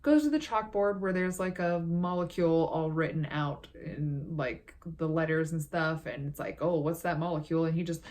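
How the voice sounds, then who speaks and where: Low-voiced sarcastic young woman vlogger. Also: normal speed, few pauses, darkish tone. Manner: profane, sarcastic, rambling. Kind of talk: casual movie recap.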